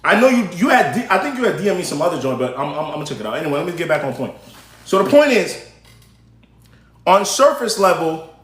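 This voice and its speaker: A man's voice: on the high side, sing-song, fast, a bit bright. A man hosting a live stream, chatting casually and directly to his viewers as he gives commentary. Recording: roomy echo.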